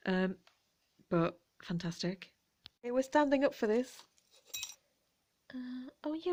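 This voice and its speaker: A woman chatting gently as she shows her vintage jewellery finds. She talks quietly, often slipping into whispers, with playful asides. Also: a little high, sing-song, measured pace, pauses often. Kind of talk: relaxed show-and-tell chat.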